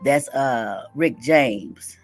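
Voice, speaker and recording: A woman's voice: a bass voice, very slow, faint music behind. A woman hosting a live stream, reading daily affirmations aloud and chatting casually, often asking "right?". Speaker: livestream host.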